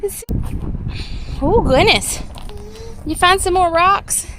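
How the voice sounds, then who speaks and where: Chatty woman, high and bouncy, laughing a lot as she films a windy garden walk on a camera mic. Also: takes it slowly, sharp tone, poor audio. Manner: chatty, laughs often, coos sing-song at a toddler. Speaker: parent or caregiver filming a walk. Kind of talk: handheld vlog narration. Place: outdoor garden on a windy day. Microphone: handheld camera mic. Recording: wind noise on an outdoor camera mic.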